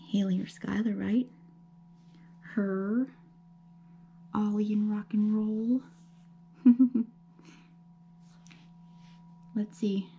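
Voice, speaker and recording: Patient elementary teacher, woman, dark mellow voice, slow and gentle explaining to kids. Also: medium pitch, gravelly, muffled recording, slight background noise. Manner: gentle, patient, explaining slowly with many checks like okay. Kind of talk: remote grammar lesson for young children.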